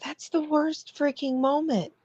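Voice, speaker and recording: A woman's voice: high voice, little pitch movement, unhurried, darkish tone, no echo, muffled recording. A woman hosting a podcast interview, bubbly, laughing often and swearing casually. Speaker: podcast host.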